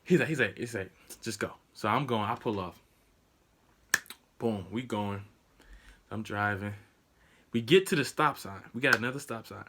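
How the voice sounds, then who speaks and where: A young man vlogger telling a story casually, acting out the people in it with sudden high outbursts. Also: normal speed, long pauses, background noise. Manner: animated, acts out quotes with sudden high-pitched outbursts.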